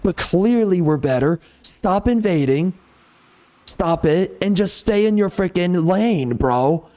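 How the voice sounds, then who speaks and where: A man's voice: sits high, expressive, slow, dark tone. A man making a gaming video, giving heated, repetitive, exasperated commentary over gameplay.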